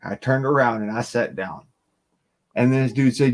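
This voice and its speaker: A man telling a profane, animated bar story on his stream. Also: mid-range voice, moderate pace. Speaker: stream host. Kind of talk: casual storytelling.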